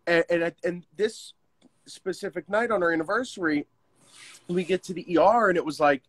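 A man, telling a painful personal story as an interview guest, in an earnest, halting way with many restarts. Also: sits high, fairly bright tone, slightly rough, no room sound. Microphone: video call.

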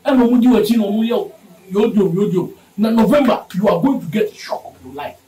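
A man's voice: high voice, brisk, mellow. A man with a Ghanaian accent giving a heated political rant, combative and repetitive, switching between Twi and English. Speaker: political commentator. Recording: roomy sound, distant from mic.

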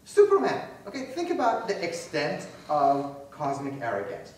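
Animated male speaker in an echoey hall. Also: fairly high pitch, moderate pace. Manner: animated, sarcastic humor with rising emphasis. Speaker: keynote speaker. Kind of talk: university lecture and Q&A answers. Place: large lecture hall. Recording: echoey hall, distant mic, faint noise.

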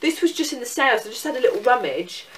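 A young Englishwoman in casual, sweary, excitable chat about her shopping haul. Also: a little high, quick pace, far from the mic. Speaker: vlogger.

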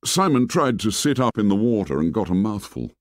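A man narrating a novel as an audiobook, reading dramatically and sinking low and soft on grim lines. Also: very animated, fairly quick, dry recording, clean studio sound.

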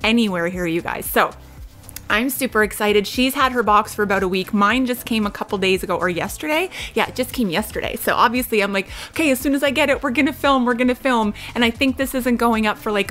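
A woman in her thirties from Canada, chatting through a home unboxing vlog, bubbly and quick to squeal and laugh. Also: mid-range voice, a bit bright. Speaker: vlogger. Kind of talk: unboxing vlog, casual chat.

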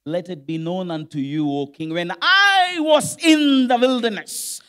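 A man preaching, putting on the voice of a bold young shepherd boy who loudly boasts to a king. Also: high voice, unhurried, clear, resonant tone. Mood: boastful. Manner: loud, boastful telling.

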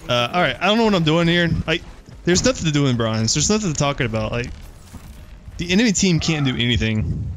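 A man's voice: a little high, sing-song, brisk. Joking young man streaming a game. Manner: joking, swearing, laughing often. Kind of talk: casual live-stream gaming chat.

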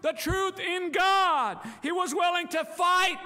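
A man pastor preaching an impassioned sermon in a church, rising to shouts at times. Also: very high voice, slow pace, long reverb tail.

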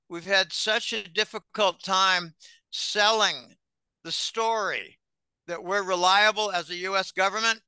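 A male guest giving deliberate, ominous financial warnings in an interview, with some restarts. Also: high voice, bright, forceful tone, clean tone, no echo. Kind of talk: interview answers.

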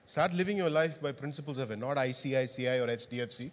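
A male pastor preaches in a church hall at a quick pace and medium pitch, often asking the congregation questions in an interactive way. Long hall reverb colors the recording.

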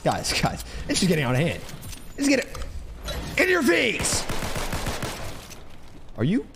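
Young man, gaming streamer, trash-talking commentary, lively voice jumping high and low, noisy stream audio with gunfire behind. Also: a little slow, gravelly. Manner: brash, taunting, swears constantly, swings between loud and low.

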